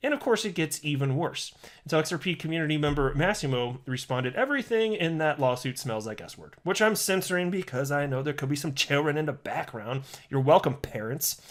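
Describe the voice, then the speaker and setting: A man's voice: fairly high pitch, brisk. A man doing solo commentary for his channel, reading tweets aloud and ranting sarcastically, sometimes stopping to restart a line. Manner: animated, sarcastic ranting with mocking insults; self-correcting, restarts lines. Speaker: crypto YouTuber.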